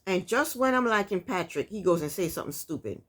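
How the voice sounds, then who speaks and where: A woman's voice: on the low side, animated, fairly quick. A woman recapping a reality TV episode in casual, opinionated commentary, talking straight to her viewers. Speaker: TV recap vlogger.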